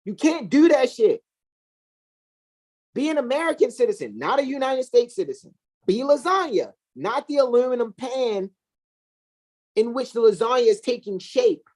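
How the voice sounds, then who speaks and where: Fiery, animated woman lecturing. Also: moderate pace, long pauses. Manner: emphatic, profane, preachy, swings between high and low pitch. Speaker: co-host. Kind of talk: heated casual discussion.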